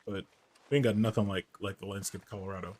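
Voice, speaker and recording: A man from the American Midwest chatting casually while he streams a game, answering his chat's questions out loud. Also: fairly low pitch, steady tone, quick pace, a little hiss or hum. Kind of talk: casual gameplay commentary.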